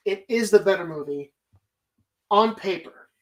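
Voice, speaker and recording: Animated, swearing woman host. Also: mid-range voice, measured pace, poor audio. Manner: animated, swears freely, rambling enthusiasm. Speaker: podcast host. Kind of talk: casual movie bracket commentary.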